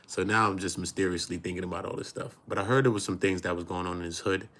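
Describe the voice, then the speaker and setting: Deep-voiced new dude, slangy and joking, commentary riff. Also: male voice, fairly even intonation, fast talker, fairly bright tone. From New York. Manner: playful, slangy, breaks into laughter and acted asides. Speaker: commentary host. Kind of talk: animated street-slang commentary.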